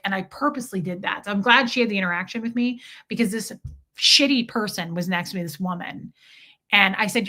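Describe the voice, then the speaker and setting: A woman's voice: medium pitch, fairly quick, pushed and bright. A woman hosting a casual podcast, telling a story with indignation, swearing freely and addressing her listeners. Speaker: podcast host.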